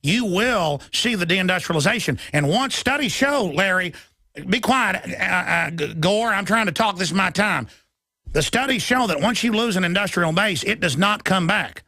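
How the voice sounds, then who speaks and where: A man hosting a political talk show, ranting with impassioned, rapid-fire delivery that swings up into shouting. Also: high voice, expressive, no echo, studio quality. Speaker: talk radio host.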